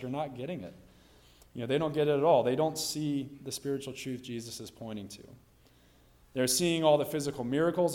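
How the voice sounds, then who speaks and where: A man delivering a sermon, his voice sitting in a middle pitch. He explains scripture in an earnest, conversational way and often drops in "you know" as he talks. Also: darkish tone. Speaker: preacher.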